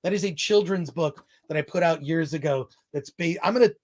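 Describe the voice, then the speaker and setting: High-voiced rambling male film show host. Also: fairly quick. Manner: rambling, goes off on tangents with many restarts. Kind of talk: casual film review chat.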